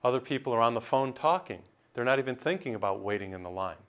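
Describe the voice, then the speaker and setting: Priest giving a sermon. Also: male voice, medium pitch, expressive, fast, a bit bright. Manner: storytelling with voiced characters and jokes.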